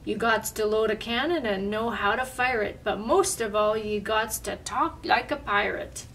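A woman voicing a gruff, impatient male pirate captain, growling his lines loudly. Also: medium pitch, moderate pace, natural voice. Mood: boastful. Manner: loud, growling pirate talk. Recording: distant mic, faint room noise.

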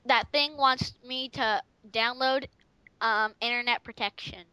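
Bright high-voiced woman ranting casually. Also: steady tone, smooth, no room sound, poor audio. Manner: mock-lecturing, swears freely, quick rants. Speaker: co-commentator. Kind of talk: casual gaming commentary.

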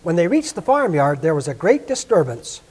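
A man reading a fairy tale aloud with expressive storytelling at a Sabbath service. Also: a little high, moderate pace.

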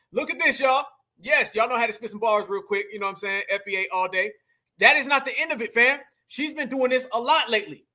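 A man hosting a commentary show, reacting to video clips in an animated, scolding way with lots of slang. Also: very high voice. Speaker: commentary host.

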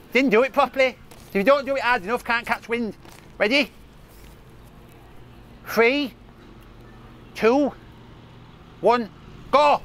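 A man's voice: a bit bright, a little hiss or hum, heavily acted. A man acting a childish, bossy, hot-tempered grown-up brother in a comedy sketch, whining at his sister outdoors in a park. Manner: bossy, whiny, high childlike voice.

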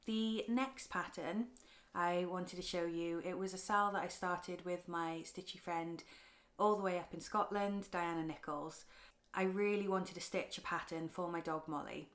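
A woman, chatting tenderly and a little haltingly as she shows her craft work in a casual vlog. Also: on the low side, fairly even intonation. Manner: soft, tender, chatty, with halting restarts and ums. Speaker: craft vlogger. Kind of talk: casual show-and-tell vlog.

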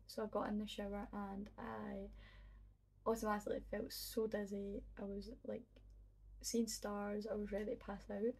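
A young woman telling her own story to camera, emotional and halting, with many fillers and restarts. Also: mid-range voice, monotone, gravelly, darkish tone, slightly rough. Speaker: vlogger. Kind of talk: personal storytelling.

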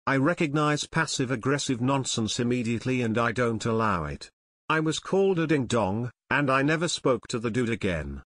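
A man reads a string of online comments aloud in a steady, even read-through, each line following the last at the same pace. His voice sits in a middle register and sounds close and dry, with no room around it. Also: mid-range voice, no room sound. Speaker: narrator.

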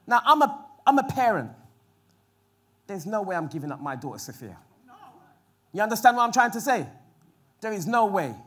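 Male preacher, high voice, acts out bible scenes, swings soft to loud, church hall. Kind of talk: sermon.

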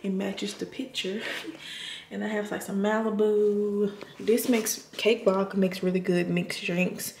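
A chatty young woman in her twenties gives a casual home tour vlog, calling her viewers y'all. Her voice has a gravelly, fry-tinged edge. She is recorded in an echoey room with a faint hiss behind her. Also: mid-range voice, level tone, measured pace. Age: 20s. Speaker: nurse vlogger. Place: her apartment, indoors.

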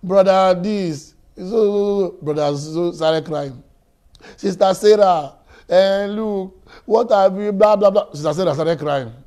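A man preaching a sermon, telling a story that moves from quiet talk to loud, excited shouting, often repeating his words. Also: sits high, a little slow. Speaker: pastor.

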